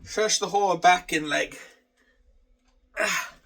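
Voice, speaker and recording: A man's voice: sits high, a little slow, fairly bright tone, far from the mic. A man talking casually through his day and a workout, repeating phrases and swearing offhand. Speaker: vlogger.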